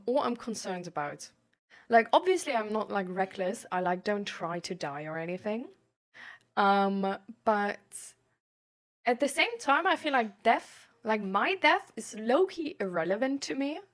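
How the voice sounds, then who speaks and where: A woman's voice: fairly high pitch, sing-song, measured pace, a bit bright. A young woman streaming and answering chat questions in casual talk, rambling with lots of "like" and "um". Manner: rambling, fills every phrase with "like" and "um".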